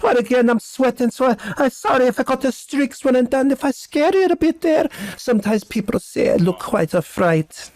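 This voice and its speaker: A man voicing a fussy old woman shopkeeper who calls everyone dearie, in a high sing-song voice. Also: normal speed, hardly any pauses, darkish tone, no echo. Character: fussy old woman shopkeeper, a bugbear mask on her face.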